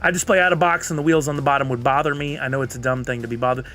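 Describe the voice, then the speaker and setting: A man's voice: mid-range voice, steady tone, very fast, fairly bright tone. A man streaming live, chatting casually and answering viewers' comments. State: has the hiccups.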